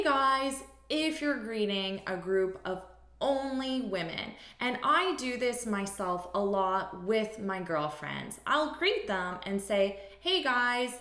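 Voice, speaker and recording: A woman teacher breaks down spoken English for learners, saying each phrase slowly and having them repeat it. Her voice moves lively up and down. The room has a noticeable echo. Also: medium pitch. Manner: slow, deliberate, modelling phrases for repetition. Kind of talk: explaining pronunciation to learners.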